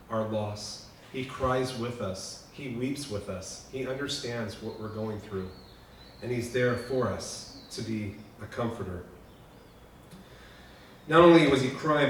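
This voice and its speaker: A man preaches a memorial sermon in a lodge hall, earnest and heartfelt. He swings from loud, pressing lines down to hushed ones. His voice booms around the echoey room, taken from a distance, with a faint hiss underneath. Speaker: pastor.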